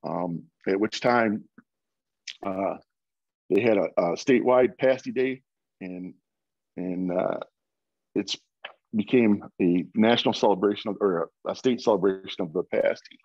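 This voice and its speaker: A man's voice: lowish voice, measured pace, pauses often, darkish tone, no room sound, highs cut off. A man from Michigan giving an informal presentation over a video call, with many fillers and restarts. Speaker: guest speaker.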